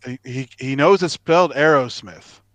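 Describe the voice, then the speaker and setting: A man's voice: medium pitch, normal speed, no echo. A man chatting casually on a call, telling stories and jokingly mimicking regional accents. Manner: animated storyteller, mimics other accents for fun. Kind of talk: casual chat.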